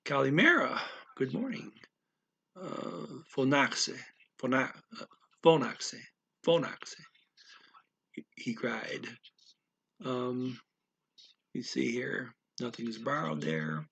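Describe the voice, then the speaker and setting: A man thinking aloud as he explains a language lesson, halting often with fillers and restarts. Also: mid-range voice, big pitch swings, vocal fry, a bit bright, slightly rough. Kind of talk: casual spoken language lesson.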